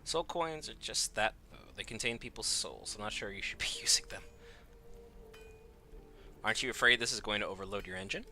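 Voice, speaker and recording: A man's voice: lowish voice, a little fast, pauses often, sharp tone, a little hiss or hum. A man giving casual gameplay commentary as host of a gaming channel, joking and offhand, often talking to himself.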